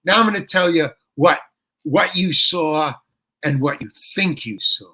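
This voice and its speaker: An older man, an actor and interview guest, telling a story in a lively way and acting out the dialogue. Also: on the high side, unhurried, breathy edge. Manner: animated, acts out dialogue with swearing. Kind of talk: storytelling anecdote.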